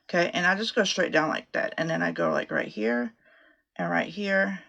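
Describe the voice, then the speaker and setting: Middle-aged woman, makeup tutorial, rambling casual chat, gravelly voice, small closet. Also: lowish voice, moderate pace, fairly bright tone, dull audio, slight background noise. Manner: rambling, chatty, swears freely. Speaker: makeup vlogger. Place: small home office closet.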